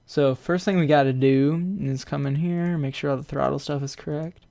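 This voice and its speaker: A man's voice: fairly high pitch, fairly even intonation, normal speed, gravelly, dark tone. Goofy young man narrating code while typing. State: out of breath. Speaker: Roblox scripting tutorial host. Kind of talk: casual screen-recorded coding tutorial. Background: keyboard typing.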